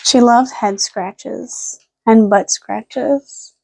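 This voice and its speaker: A young woman vlogging at home in a rambling casual chat, close to the camera mic, now and then slipping into high baby talk for her dog. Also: steady tone, drawn-out words, darkish tone, dry recording.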